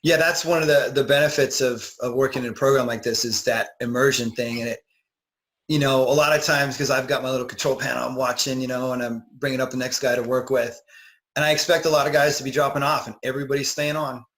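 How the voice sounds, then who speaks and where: A male dating coach talking with a client in a relaxed interview. His voice sits at a middle pitch, and his encouraging questions are full of ums and you-knows. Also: quick pace, rough recording. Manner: encouraging, with many fillers. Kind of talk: casual interview.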